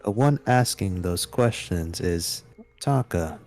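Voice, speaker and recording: Man voicing a calm analytical AI program. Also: sits low, exaggerated voice. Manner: measured, logical. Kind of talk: reading game dialogue aloud.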